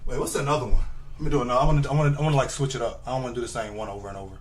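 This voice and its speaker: Echoey young streamer, shouting drills. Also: male voice, mid-range voice, steady tone, rapid-fire. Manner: shouts football cadences between mumbled asides. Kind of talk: casual live-stream chatter. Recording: echoey room, mic at a distance, faint noise.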